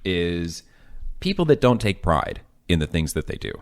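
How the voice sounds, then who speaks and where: A man's voice: low-pitched, very animated, moderate pace. A young man from the Chicago area, co-hosting a casual chat show and ranting with restarts. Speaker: podcast co-host.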